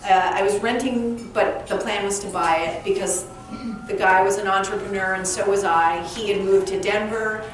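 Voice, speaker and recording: Speaking at a normal speed with few pauses, this author has a medium-pitched voice. Appearing as an interview guest at a live event, she's animated and humorous, performing bits of dialogue as she tells stories. The audio is echoey and distant, with faint noise behind her.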